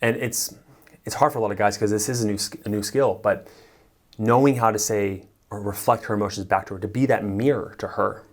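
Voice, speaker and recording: A man's voice: on the low side, fairly even intonation, a little fast. A man giving relationship coaching straight to camera, emphatic and conversational, acting out sample lines of dialogue. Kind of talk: direct-to-camera advice talk.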